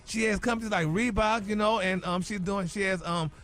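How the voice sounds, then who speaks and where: A man's voice: sits high, fairly even intonation, brisk, fairly bright tone, faint music behind. Sassy man dishing celebrity gossip. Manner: sassy and chatty, says "honey" and "y'all" a lot. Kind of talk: gossip segment on radio.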